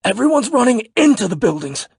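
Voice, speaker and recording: Brief: a man doing a shaken middle-aged survivor, raspy, gravelly and high-pitched, shouting. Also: sing-song, fairly quick, no room sound, full character voice. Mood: desperate. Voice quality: raspy, dry. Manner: shouting desperately. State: coughing, shaken. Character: panicked middle-aged man fleeing a burning tower.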